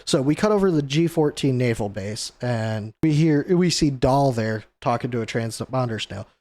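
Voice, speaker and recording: Male host, mid-pitched, casual rambling review talk with frequent chuckles. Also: animated, normal speed, a little mellow. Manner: rambling, chuckles often, acts out the characters. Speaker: host of a manga review channel. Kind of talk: casual chapter review chat.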